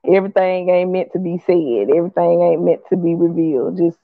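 A woman who is a guest in a faith conversation, telling lively stories and calling listeners honey and babe. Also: on the low side, fairly quick, no room sound. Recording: dull dry lo-fi recording.

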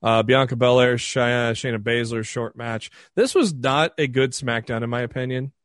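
A man's voice: mid-range voice, moderate pace, dry recording, clean studio sound. A man co-hosting a casual podcast, rambling with many fillers in an easygoing way. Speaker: podcast co-host.

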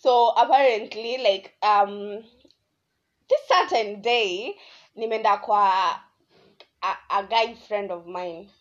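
A young Kenyan woman with a Kenyan accent hosting a casual solo podcast, rambling and animated as she tells a story. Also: medium pitch, takes it slowly. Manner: rambling, animated, switching between English and Swahili slang. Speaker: podcast host. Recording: dull lo-fi audio.

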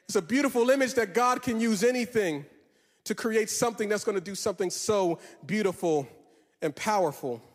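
A man with a high voice preaches, lifting his lines into a sing-song cadence and stretching words for weight. His voice rings with a long reverb off a large hall. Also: normal speed. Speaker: pastor. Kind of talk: sermon.

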